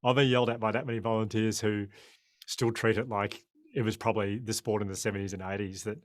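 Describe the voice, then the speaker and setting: An Australian man in his forties, a guest on a podcast interview, talking in an impassioned, animated way. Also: on the low side, fast, dry recording, studio quality. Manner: impassioned, animated storyteller who acts out quoted voices.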